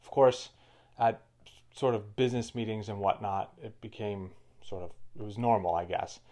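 A man's voice: lowish voice, fairly even intonation, moderate pace, warm tone. A man co-hosting a casual chat, explaining his points fluently. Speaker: co-host.

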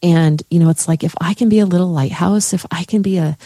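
A woman's voice: on the low side, quick pace, warm tone, no echo, studio quality. A woman coach talking in a heartfelt, rambling way, with many fillers and restarts, in a podcast conversation. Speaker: guest, coach. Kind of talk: emotional conversational podcast chat.

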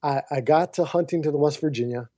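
Earnest man telling his story, mellow voice. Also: fairly high pitch, brisk. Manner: earnest, animated retelling with quoted dialogue. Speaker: podcast guest. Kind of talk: personal storytelling in conversation. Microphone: remote call mic.

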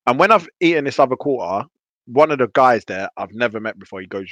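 A man's voice: medium pitch, expressive, quick pace, a bit bright, no room sound, dull audio. A young man telling a wild story to friends on a podcast, swearing freely and acting out his own panicked voice. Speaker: podcast guest. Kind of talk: casual storytelling.

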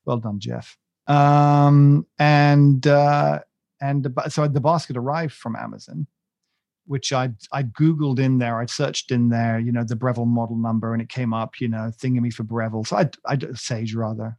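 A man's voice: mid-range voice, steady tone, normal speed, creaky, a little mellow, no echo, highs cut off. A man co-hosting a podcast, chatting casually in a rambling, self-mocking way with many fillers and restarts. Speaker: podcast co-host. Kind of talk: casual chat.

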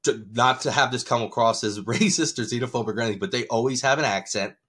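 A man's voice: mid-range voice, quick pace, fairly bright tone. A man co-hosting a casual podcast, blunt and profane, laughing often as he talks. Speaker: podcast co-host.

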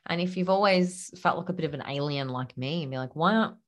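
A business coach hosts her own solo podcast, speaking encouragingly to listeners in a low-pitched, fast voice. She laughs often and sometimes drops almost to a whisper.

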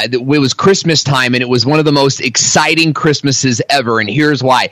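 A man in his thirties, a guest on a podcast, telling his story in an animated, enthusiastic way. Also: mid-range voice, dry recording, rough recording. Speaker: podcast guest, video marketing teacher. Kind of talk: casual podcast interview.

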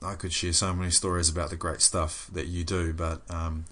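A very low-pitched man hosting a podcast in a friendly, casual way. He speaks warmly and openly about his guest and praises him freely. The talk is relaxed and conversational. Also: a little fast. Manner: warm, effusive praise, friendly. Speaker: podcast host. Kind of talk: casual interview chat. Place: indoors, late at night after a workshop.

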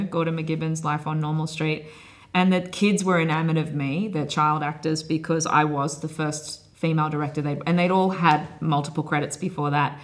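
Lively Australian woman director, low voice. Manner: animated, acts out quotes, many fillers and restarts. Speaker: guest film director. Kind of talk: casual interview talk.

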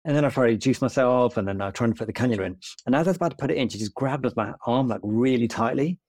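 A man's voice: a little mellow, no echo. A young man, a junior doctor, telling a story in casual, self-deprecating, rambling podcast chat. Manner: rambling, self-deprecating, quick and low-key.

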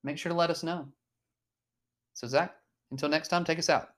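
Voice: medium pitch, fairly even intonation, moderate pace, fairly bright tone. A podcast host in casual chat, talking freely, swearing and laughing often.

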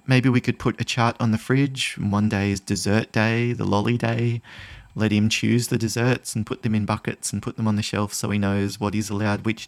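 A man hosting a solo advice podcast, talking in a calm, measured, explanatory way. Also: fairly low pitch, gravelly, dry recording. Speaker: podcast host.

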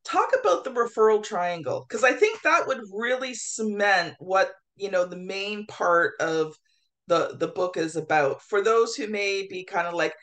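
A playful interviewer with a bright, sharp tone asks informal questions. The delivery is loose and chatty. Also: mid-range voice, expressive, measured pace.

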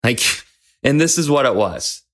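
A man's voice: mid-range voice, animated, moderate pace. A man hosting a leadership podcast, telling a personal story in an earnest, folksy way with some restarts. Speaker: podcast host and leadership coach.

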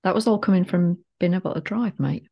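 Teasing podcast co-host, raspy and gravelly, relaxed tone. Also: mid-range voice, fairly quick, highs cut off. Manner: teasing, playful. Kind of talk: casual chat.

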